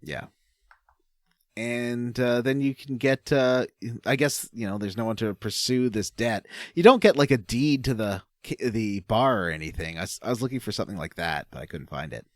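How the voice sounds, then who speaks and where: Man, podcast co-host, animated intonation, dry close mic, rambling with lots of uh. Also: mid-range voice, normal speed, no echo. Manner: rambling, hesitant, lots of uh and restarts. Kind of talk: casual chat about a video game.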